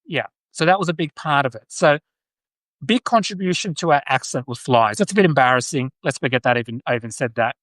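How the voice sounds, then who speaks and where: Brisk and expressive, this medium-pitched, slightly bright Australian voice comes through a livestream mic with no echo. As a podcast host discussing politics, he rambles loosely, loops back to earlier points, fixes his own wording, and restarts a lot.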